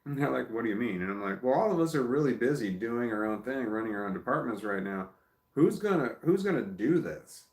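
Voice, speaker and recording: A man's voice: lowish voice, fast, hardly any pauses, reverberant. A man talking casually into his phone at home, rambling and swearing, with many restarts. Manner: rambling, profane, lots of restarts. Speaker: vlogger.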